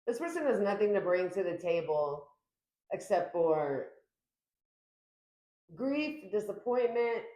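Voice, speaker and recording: A woman gives a casual tarot reading straight to her camera, chatty and emphatic. Her voice sits at a middle pitch. The small room around her sounds echoey. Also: big pitch swings, takes it slowly, long pauses, warm tone. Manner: chatty, emphatic, acts out quoted lines with big pitch jumps. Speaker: tarot reader.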